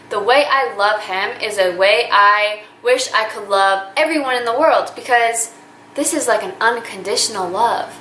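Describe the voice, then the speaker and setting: A woman's voice: mid-range voice, bright, forceful tone. A woman in her twenties talking earnestly to camera in a casual vlog, chatty and gushing with lots of fillers. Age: 20s. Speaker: vlogger. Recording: echoey room with faint ambient noise.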